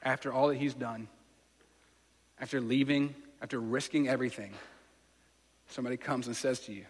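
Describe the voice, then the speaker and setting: A pastor preaches in a relaxed, conversational way, walking listeners through a story. His voice sits in a middle pitch. It carries the long reverb of a large hall. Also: moderate pace, pauses often, husky. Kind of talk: sermon.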